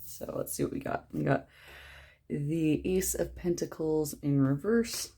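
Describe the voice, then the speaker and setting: Low-voiced woman, husky and gravelly, chatty tarot reader, relaxed and rambling. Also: measured pace. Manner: chatty, rambling, drops to a whisper at times. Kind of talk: casual tarot reading to camera.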